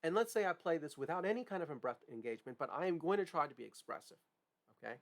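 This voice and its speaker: A man's voice: a little high, big pitch swings, quick pace. A man teaching a music lesson, explaining with frequent "right?" and "okay?" check-ins. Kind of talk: piano lesson demonstration.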